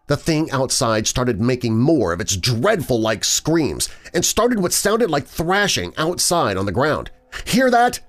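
A man hosting a podcast, reading a scripted horror story in a dramatic, expressive manner. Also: mid-range voice. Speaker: podcast host and narrator. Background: faint background music.

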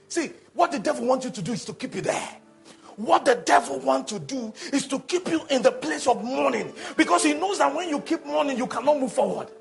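A male preacher delivering a call-and-response sermon that builds to shouting. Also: extremely high pitch, expressive, fairly quick, gravelly, soft background music.

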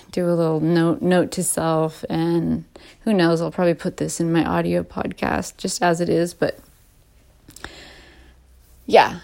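A woman in her late thirties talking in a casual, heartfelt and rambling way as a vlogger, often laughing softly between restarts. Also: on the low side, gravelly. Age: late 30s. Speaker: vlogger and podcaster. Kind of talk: casual heartfelt personal talk.

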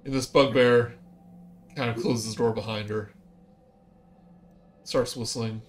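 A man's voice: medium pitch, steady tone, slow pace, long pauses. A man narrating as game master for a tabletop game, talking casually with many fillers and restarts.

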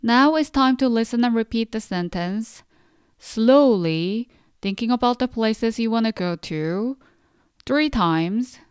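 A young woman teaches a podcast language lesson with a patient, encouraging manner. Her voice is remarkably smooth and resonant, and it sits close and dry with no room sound. She slows down on each word so listeners can repeat after her. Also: on the high side, expressive, no echo. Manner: patient, encouraging, pronounces words slowly for repetition.

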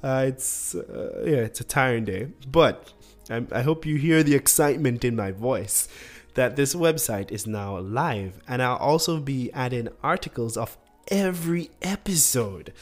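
A man's voice: medium pitch, animated, normal speed. A man from Jamaica hosting a podcast, chatty and upbeat though a little tired, laughing often. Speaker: podcast host. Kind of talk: casual podcast talk.

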